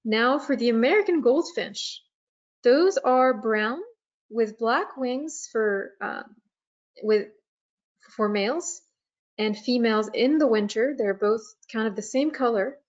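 A woman presents an online webinar in a slow, hesitant way, filling her pauses with "um" and "uh". Her voice sits a little high. The sound comes through a dull, lo-fi computer mic. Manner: slow, hesitant, many fillers. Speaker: nature preserve staff presenter.

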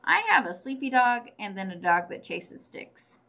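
A woman's voice: medium pitch, very animated, moderate pace, gravelly. A woman librarian reading a picture book aloud, asking the children questions between pages. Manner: bright storytelling with questions to children.

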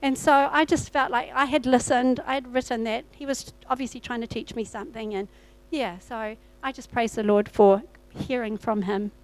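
A woman's voice: on the high side, fairly even intonation, moderate pace, poor audio. A woman pastor, preaching a sermon and telling a personal testimony with acted-out dialogue. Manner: storytelling, acts out her own past dialogue. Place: church.

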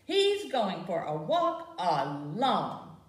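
A slow, animated woman's voice swoops up and down in a sing-song way as she leads babies through rhymes and a picture book. She sits a little back from the mic, so her voice lands in a roomy space. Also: mid-range voice. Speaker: children's librarian leading baby storytime. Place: library program room. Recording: roomy sound from a distance.

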